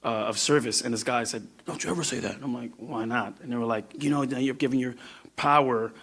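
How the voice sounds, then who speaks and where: A man's voice: medium pitch, fairly even intonation, fairly quick, a bit bright, breathy edge. A man from New York, a guest musician on a podcast, talking reflectively and often trailing off while he searches for words. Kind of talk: casual podcast conversation.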